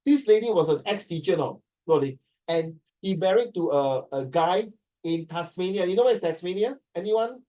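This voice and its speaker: A Singaporean man leads a classroom lesson in an animated, storytelling way, mixing languages freely. His voice sits a little high with a warm, mellow tone. He sounds distant, picked up by a mic well away from him. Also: moderate pace. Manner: animated, code-switching, acting out quoted dialogue. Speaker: teacher. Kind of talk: classroom talk to students.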